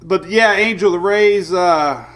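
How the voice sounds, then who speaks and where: A chatty man hosting a morning weather livestream, his voice sitting a little higher than most men's. He keeps it loose and conversational, reading off viewer names and laughing along as he goes. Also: slow, a bit bright. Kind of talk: casual livestream chat.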